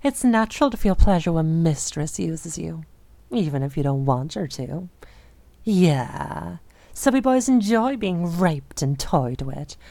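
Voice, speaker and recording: A young woman voicing an obsessive, possessive dominant woman in an audio role-play, speaking in a soft, slow, teasing murmur. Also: sits low, expressive, gravelly, no room sound, exaggerated voice. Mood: possessive, crooning.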